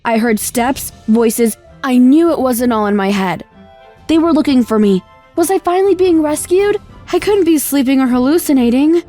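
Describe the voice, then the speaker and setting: A young woman narrating a first-person animated story in a scripted, emotive storytelling delivery. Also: high-pitched, normal speed, faint music behind.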